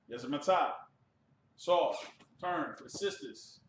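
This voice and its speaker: A man's voice: fairly high pitch, measured pace, pauses often, a bit bright, slight background noise. A man preaching and giving announcements to a religious class, emphatic and often checking that listeners understand. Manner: emphatic, repeats "you understand". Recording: echoey room from a distant mic.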